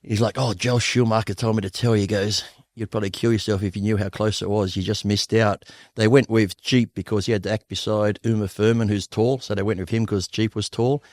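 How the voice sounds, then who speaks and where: A middle-aged Australian man with a rather low voice rattles through blunt, profane anecdotes at a quick clip. He drops into the voices of the people he quotes along the way. The sound is dry and close, with no room around it. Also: fairly even intonation, a little mellow, no room sound. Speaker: guest. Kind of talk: casual storytelling interview.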